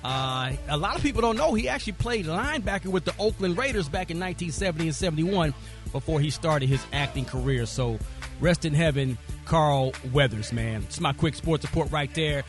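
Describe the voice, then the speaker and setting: High-voiced man reading a sports report. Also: brisk, soft background music. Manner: relaxed, conversational. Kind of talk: casual radio sports report.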